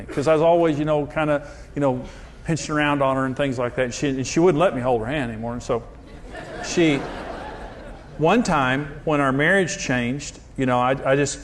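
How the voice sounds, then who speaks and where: A man's voice: mid-range voice, moderate pace, a little hiss or hum. A man preaching in a humorous, self-deprecating storytelling way, using jokes and anecdotes. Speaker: pastor.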